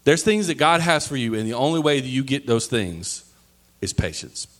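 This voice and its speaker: A man in his thirties preaching a sermon, animated, sometimes breaking into high yelling as he acts out stories. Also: moderate pace. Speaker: pastor.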